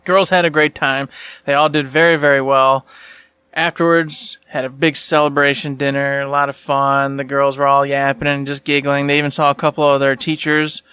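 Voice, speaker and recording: A man's voice: mid-range voice, flat delivery, moderate pace, bright, forceful tone, clean tone, dry recording. A middle-aged man co-hosting a podcast, telling an easygoing, jokey story in casual chat. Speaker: podcast co-host.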